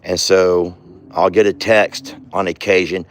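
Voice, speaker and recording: A man's voice: sits low, flat delivery, unhurried. A man hosting a casual farm vlog outdoors, chatty and folksy, talking affectionately to his animals. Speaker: ranch owner and vlogger.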